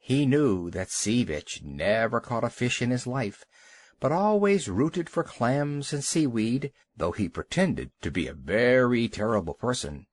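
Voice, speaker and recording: Male audiobook narrator, lively expressive reading, dry close studio sound. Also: medium pitch, unhurried, dry recording. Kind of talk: scripted storybook narration.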